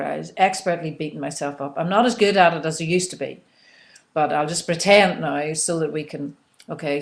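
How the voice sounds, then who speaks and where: A woman coaching listeners through an emotional tapping exercise, often checking in with "okay?" and leading them in slow breathing and softly repeated release phrases. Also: deep voice. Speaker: self-help coach. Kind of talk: guided instructional talk on emotional tapping.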